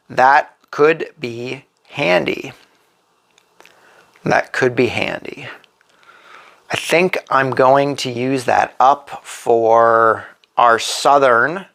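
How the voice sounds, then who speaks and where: Slow gravelly man thinking aloud. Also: medium pitch, fairly bright tone. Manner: slow, thinking aloud while placing pieces. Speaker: board game channel host. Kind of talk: solo board game playthrough commentary.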